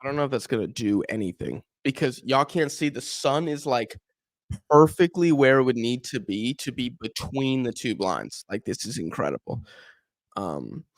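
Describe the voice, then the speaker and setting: At normal speed and with no echo, a young man's mid-range voice carries a casual football watch-along stream. He's animated, addresses his chat directly, commentates on the match, and dramatizes what fans say about him.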